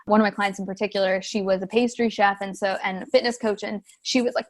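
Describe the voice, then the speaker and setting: A woman's voice: mid-range voice, quick pace, hardly any pauses. A woman in her thirties, a business coach, talking casually as a podcast guest and acting out the voices of the people she quotes. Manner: animated storytelling, acts out quoted voices.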